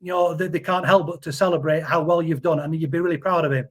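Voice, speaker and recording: A man's voice: a little high, fairly even intonation, fast, slightly rough. A man, talking earnestly in a casual interview, often repeating words as he defends someone. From Yorkshire, England. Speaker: interview guest.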